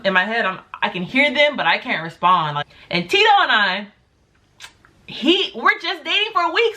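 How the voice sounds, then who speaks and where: Bright, animated young woman telling a story. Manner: animated, acts out quotes with big pitch jumps. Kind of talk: casual storytime.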